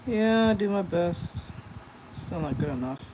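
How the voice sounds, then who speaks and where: A streamer talks slowly and casually while drawing, blunt and crude and often muttering to himself. There is faint noise under the voice. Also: mid-range voice, expressive.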